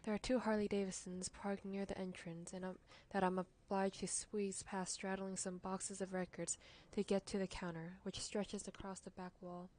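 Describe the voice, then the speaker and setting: A woman streamer reading a story game aloud in a relaxed way, sometimes dropping into a hush. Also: medium pitch, moderate pace, few pauses.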